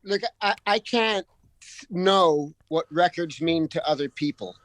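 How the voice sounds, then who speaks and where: A man's voice: fairly high pitch, measured pace, a bit bright, no echo, poor audio. A man guest on a radio show, talking earnestly and passionately, piling phrase upon phrase. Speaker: musician guest. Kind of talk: casual radio interview. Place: radio studio. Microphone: studio microphone.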